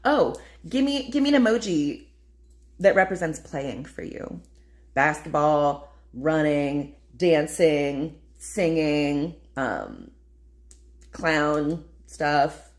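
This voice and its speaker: Chatty playful woman vlogger, lowish voice. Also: sing-song, takes it slowly. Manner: chatty and playful, with many fillers and "babe". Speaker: spiritual vlogger. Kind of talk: casual spiritual vlog talk.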